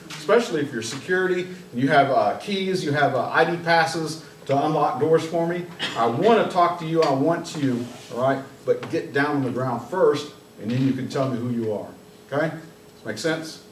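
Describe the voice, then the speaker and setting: Blunt police trainer in an echoey room. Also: male voice, mid-range voice, slight background noise. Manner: blunt, joking, shouts commands when demonstrating. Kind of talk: live training presentation. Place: office meeting room with audience. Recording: echoey room, mic from a distance.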